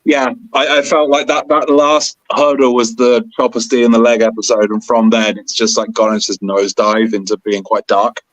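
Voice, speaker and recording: A man co-hosting a podcast in casual chat, excitable and rambling, with bursts of enthusiasm. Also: medium pitch, normal speed, few pauses, dry recording, muffled recording. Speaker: podcast co-host.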